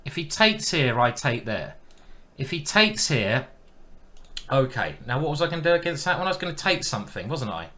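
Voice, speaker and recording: A man talking through his chess moves on a live stream, musing out loud and teasing himself as he goes. His voice is bright and ringing. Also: medium pitch, sing-song, normal speed. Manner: chatty, thinking aloud, self-mocking.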